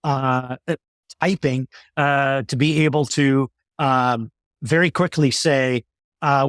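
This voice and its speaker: A male company executive explaining his ideas in a business interview, in a measured way with many fillers and restarts. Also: mid-range voice, steady tone, fairly bright tone, no room sound, studio quality.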